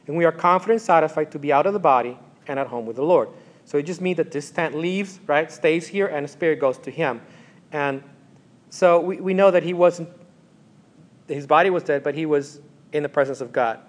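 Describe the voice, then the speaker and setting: Male preacher, slightly high voice, emphatic delivery that drops to quiet asides. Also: a little fast. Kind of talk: sermon with read-aloud passages.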